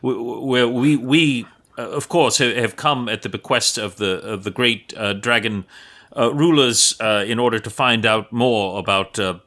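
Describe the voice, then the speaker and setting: A man voicing a wood elf druid with a put-on Cockney accent, speaking formally but halting over his words. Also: medium pitch, pushed and bright, pitched above the performer's own voice. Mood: courteous.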